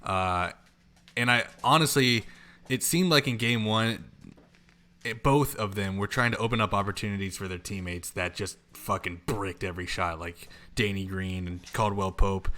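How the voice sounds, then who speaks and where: Low-voiced man, blunt and profane. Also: moderate pace, pushed and bright. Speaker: podcast co-host. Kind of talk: casual sports betting chat.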